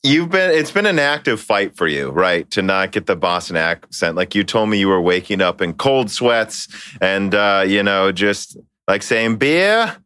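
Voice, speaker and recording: Joking, animated male podcast host. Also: fairly low pitch, normal speed, clear, resonant tone. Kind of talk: casual chat.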